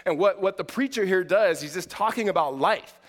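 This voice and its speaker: High-voiced man preaching in an echoey hall. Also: fairly quick. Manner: conversational, many fillers and restarts, swings between loud and quiet. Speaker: pastor. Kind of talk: sermon.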